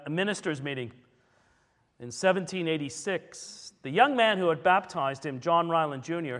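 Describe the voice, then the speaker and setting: A man's voice: on the high side, fairly bright tone, in a large hall. A man preaching a sermon, telling church history in a conversational, digressive way and correcting himself as he goes.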